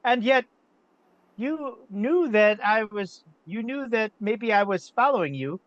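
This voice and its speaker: A man voicing a small, sly male rogue who flatters with overly formal, stumbling speech. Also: sits high, a little slow, dry recording, dull audio. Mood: sly flattering. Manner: fumbling, overly formal speech full of restarts.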